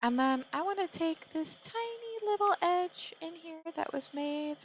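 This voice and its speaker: A woman calmly talking through a software modeling tutorial step by step, thinking aloud as she works. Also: very high voice, unhurried, a little hiss or hum, poor audio. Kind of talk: screen-recorded software tutorial narration.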